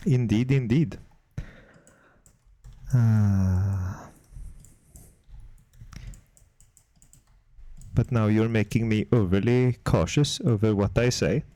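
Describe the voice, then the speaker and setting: A man streaming casual chat while making game art, reading viewer messages and putting on a deliberately terrible Swedish accent. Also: on the low side, mellow, dry recording. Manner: chatty, reads out and answers viewer messages.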